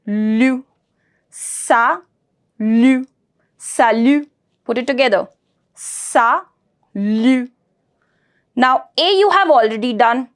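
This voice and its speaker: A woman teaching a pronunciation lesson, breaking words into syllables and repeating each one slowly. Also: high voice, animated. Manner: slow, syllable-by-syllable with repeated drilling. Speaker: language teacher.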